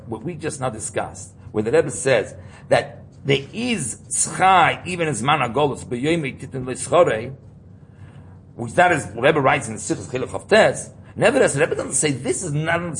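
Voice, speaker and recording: A man's voice: medium pitch, fairly bright tone, slight background noise. A man teaching an informal Torah class, explaining ideas while he thinks aloud and repeats key terms.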